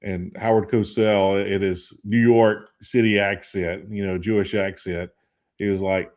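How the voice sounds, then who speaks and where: A man's voice: on the low side, little pitch movement, measured pace, a little mellow. A tired man in his fifties co-hosting a sports talk show, chatting in a rambling way and losing names mid-thought. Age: 50s. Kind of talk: casual chat.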